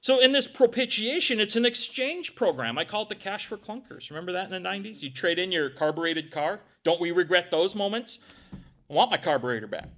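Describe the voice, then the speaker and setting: A middle-aged male pastor preaching a sermon, animated, acting out little voices and swinging from loud to quiet. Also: high-pitched, fairly quick.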